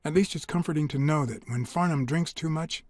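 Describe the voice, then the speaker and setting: An actor voicing a world-weary male cat private detective in a noir game, with husky dry understatement. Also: fairly high pitch, a little fast, natural voice.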